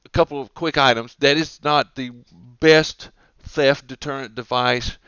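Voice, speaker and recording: A man's voice: mid-range voice, fairly even intonation, a little slow, a bit bright, clean tone, dry recording, lo-fi sound. A man with a Southern American accent co-hosting a casual comedy podcast, rambling through stories and acting out the people in them. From Southern United States. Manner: rambling storyteller, acts out characters with big voices. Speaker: podcast co-host.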